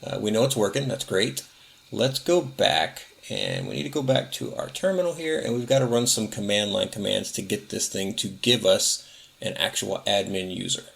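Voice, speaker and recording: A man hosting a tech tutorial, casually narrating each step of a software setup and correcting himself as he goes. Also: lowish voice, sing-song, moderate pace, gravelly. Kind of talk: screen-recorded software walkthrough.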